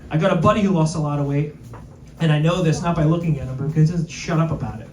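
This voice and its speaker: High-voiced comedian in an echoey club. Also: male voice, a little mellow. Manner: self-deprecating, rapid asides to the crowd. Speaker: stand-up comedian. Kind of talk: stand-up set. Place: comedy club with live audience. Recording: echoey club, distant mic, crowd noise.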